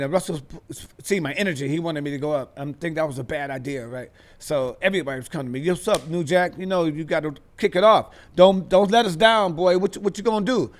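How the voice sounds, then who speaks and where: A comedian man from the Midwest, animatedly telling comic stories as a talk-show guest and acting out other people's voices with street slang. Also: a little high.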